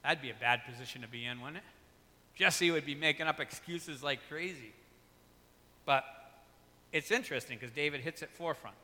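Male pastor, bright and slightly high voice, chatty preaching with stories, church hall echo. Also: moderate pace, pauses often. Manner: conversational preaching, acts out Bible dialogue, asides and personal stories. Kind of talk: sermon.

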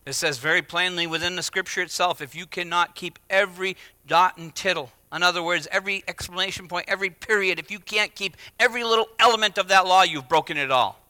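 A middle-aged man preaching a sermon, swinging from hushed, intimate phrases to loud, emphatic declarations. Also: high-pitched, fast, smooth, no echo. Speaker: pastor.

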